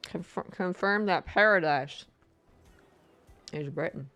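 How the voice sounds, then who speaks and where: A woman's voice: on the low side, slow pace, fairly bright tone, soft background music. A woman streaming a game, giving casual, sarcastic and playful commentary that mocks the game.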